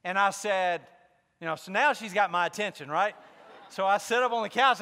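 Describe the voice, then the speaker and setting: A man's voice: sits high, normal speed, pushed and bright, long reverb tail. A man preaching a sermon as pastor, telling a personal story with candid asides and building to fervent emphasis.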